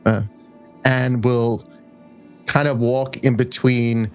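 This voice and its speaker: A man's voice: little pitch movement, slow pace, clean tone, soft background music. Rambling man describing his game character. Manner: rambling, many fillers, acts out lines in a high voice. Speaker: player.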